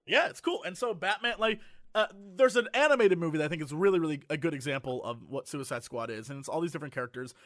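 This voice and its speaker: A man co-hosting a podcast in casual chat, animated and lively, now and then breaking into mocking voices. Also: fairly high pitch, fast, dry recording, studio quality. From United States. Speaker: podcast co-host.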